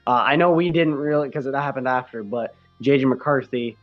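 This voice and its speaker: A man's voice: mid-range voice, a little fast, soft background music. Rambling man on a lo-fi podcast mic. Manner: rambling, frequent fillers and restarts. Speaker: podcast co-host. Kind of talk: casual podcast chat.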